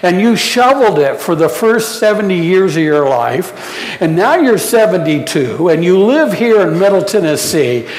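A pastor preaching a sermon in a church, unhurried, putting questions to the congregation and adding light humor. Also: mid-range voice, very animated. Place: church sanctuary. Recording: echoey church hall reverb.

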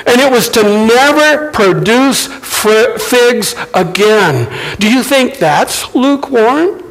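A man preaching a sermon, animated and acting out quoted lines in shifting voices. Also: extremely high pitch, slow, poor audio. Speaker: pastor.

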